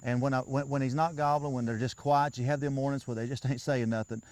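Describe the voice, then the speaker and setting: A man's voice: medium pitch, fairly even intonation, fast, darkish tone, dry recording. A man giving a patient, folksy hands-on lesson outdoors, often repeating himself as he coaches a beginner. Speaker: turkey calling instructor.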